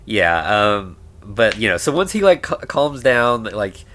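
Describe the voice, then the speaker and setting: A man co-hosting a podcast, casually recapping a film and acting out the characters' lines in a lively way. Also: medium pitch, a little slow. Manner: animated, acts out characters' lines while retelling. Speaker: podcast co-host. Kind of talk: casual movie recap chat.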